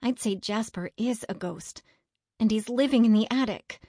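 A woman's voice: on the high side, mellow, no echo, clean studio sound, pitched above the performer's own voice, lightly acted. A woman doing a touchy young girl. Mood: earnest. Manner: earnest, quick to get upset.

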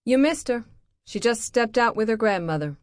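A woman's voice: a little high, animated, normal speed, no echo, studio quality, voice pushed up, natural voice. A woman narrator voicing a tired, irritated ex-wife who speaks curtly and sounds bored in an audiobook.

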